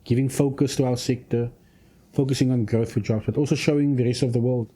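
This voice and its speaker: Measured official, dark voice. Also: male voice, mid-range voice, fairly even intonation. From South Africa. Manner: measured, speaks in long policy statements. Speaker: provincial minister. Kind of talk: radio interview. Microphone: studio microphone.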